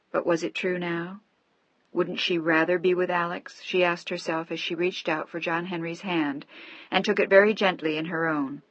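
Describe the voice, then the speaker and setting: A woman narrating a romance novel in a measured, steady audiobook reading. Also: fairly low pitch, no echo. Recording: dry, slightly dull audio.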